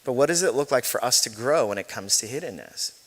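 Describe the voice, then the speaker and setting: A male pastor preaching a sermon in a relaxed, conversational storytelling way, with self-deprecating jokes. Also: mid-range voice, fast. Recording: echoey large hall.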